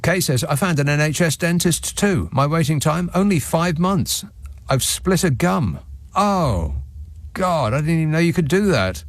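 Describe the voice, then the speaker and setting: A man's voice: fairly high pitch, animated, moderate pace, no echo. Sardonic male radio host, dry studio sound. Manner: sardonic, mocking. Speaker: radio talk show host. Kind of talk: radio phone-in, reading listener messages. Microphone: studio microphone.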